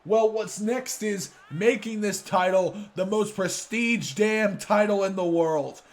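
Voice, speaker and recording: A man's voice: high-pitched, takes it slowly, pitched above the performer's own voice. A man doing a cocky wrestling champion promo. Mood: boastful. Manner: boastful, taunting promo delivery. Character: brash cocky male pro wrestling champion. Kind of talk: wrestling promo role-play over a video game.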